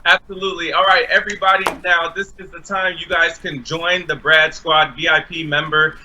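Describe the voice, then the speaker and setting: A man's voice: a little high, little pitch movement, normal speed, lo-fi sound, noisy background. A young man co-hosting a live stream, giving upbeat promotional announcements to viewers. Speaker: co-host.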